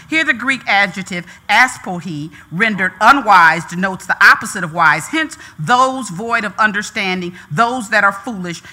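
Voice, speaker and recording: Animated, bright-voiced woman preacher. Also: mid-range voice. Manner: call-and-response preaching, rising emphatic repeats. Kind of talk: sermon.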